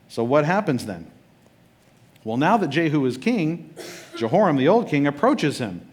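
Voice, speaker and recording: A man's voice: a little high, very animated, moderate pace, long pauses. A male pastor preaching a sermon, retelling scripture casually with jokes and acted-out quotes.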